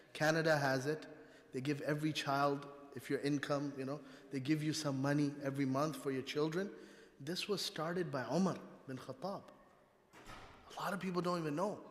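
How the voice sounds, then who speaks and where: Urdu-speaking guy preaching, kinda high voice, big echoey mosque hall. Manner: storytelling, conversational preaching. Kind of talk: sermon. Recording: long reverb of a mosque hall.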